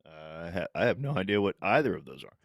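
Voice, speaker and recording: A man co-hosting a casual film podcast, laid-back and quick to laugh. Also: deep voice, sing-song, dry recording, clean studio sound. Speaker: podcast co-host. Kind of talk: casual chat.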